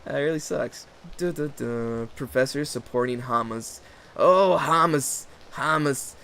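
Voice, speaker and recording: A man's voice: medium pitch, measured pace, fairly bright tone, smooth. A man hosting his own channel, rambling through a sarcastic, profanity-heavy rant and mocking other people's voices. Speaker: channel host. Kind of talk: rambling ranting monologue.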